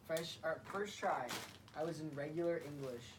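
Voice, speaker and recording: A young man with a slightly high voice rambles through school memories, peppering every phrase with filler. He sounds set back from the mic, with clear noise running behind him. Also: normal speed, recorded from a distance. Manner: rambling storyteller, heavy on filler "like". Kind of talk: casual podcast chat.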